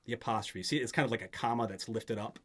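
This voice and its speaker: A man tutors a student in grammar through a casual back-and-forth, patiently and often checking that she follows. He talks fast in a steady, mid-range voice that is a bit bright with a breathy edge.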